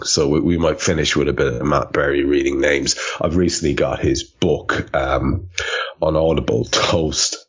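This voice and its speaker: Male podcast host, deep voice, rambling filler-heavy chat, dull lo-fi sound. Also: breathy edge. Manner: rambling, full of fillers and swearing.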